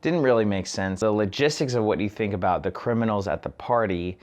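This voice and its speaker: A man's voice: on the low side, a little fast, a little mellow. A man giving a casual film review, ranting about plot holes with exasperated, sarcastic asides. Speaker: movie reviewer.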